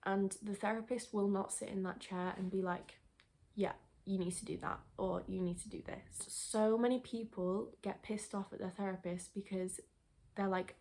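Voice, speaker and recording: A young lifestyle vlogger sits down for a casual chat to camera, rambling, restarting sentences, and sounding a bit out of breath. Her medium-pitched voice is level, moderately paced, a little mellow, with vocal fry.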